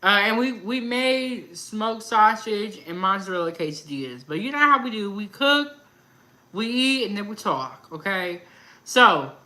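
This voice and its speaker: A woman with a bright, forceful voice talks through celebrity gossip in a loose, conversational way. She is a channel host addressing her viewers directly, full of asides and opinions. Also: medium pitch, unhurried, rough recording. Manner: chatty, animated gossip with laughs and asides. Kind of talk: casual chat about celebrity gossip.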